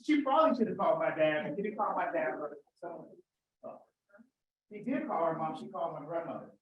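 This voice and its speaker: In an event hall, a man in his forties gives an award speech, sharing a personal story conversationally, acting out family dialogue, and asking the audience questions. His voice is a little high and husky, with lively intonation and a slightly fast pace. The sound quality is lo-fi.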